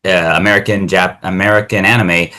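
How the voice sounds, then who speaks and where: A young man chatting as a podcast guest in a lively, animated way. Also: sits low, fairly quick. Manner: animated, acts out quoted voices. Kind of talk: casual chat.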